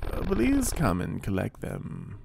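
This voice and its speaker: A man's voice: lowish voice, huge pitch swings, takes it slowly, heavily acted. A man voicing a politely insistent takeaway worker calling on the phone. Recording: clear background noise.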